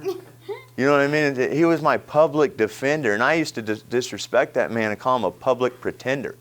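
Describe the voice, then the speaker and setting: A man telling his own story in a talk, animated, laughing often and restarting his sentences. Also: mid-range voice, a little fast. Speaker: speaker sharing his recovery story.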